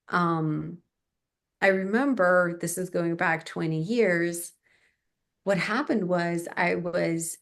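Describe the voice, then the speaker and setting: A woman's voice: fairly low pitch, creaky. A middle-aged woman, a guest in an interview, telling a personal story and acting out the people in it. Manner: animated, acts out the people in her stories.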